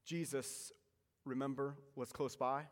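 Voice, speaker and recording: A man's voice: medium pitch, fairly even intonation, measured pace. Preaching man in a reverberant hall. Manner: dramatic, varying loud emphasis and soft hushed lines. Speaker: pastor. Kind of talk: sermon.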